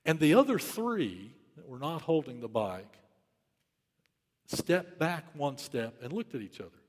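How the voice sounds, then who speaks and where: A man's voice: fairly high pitch, big pitch swings, measured pace, big-room sound. A man preaching a sermon, telling a story in an urgent, emphatic way and repeating key phrases. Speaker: pastor.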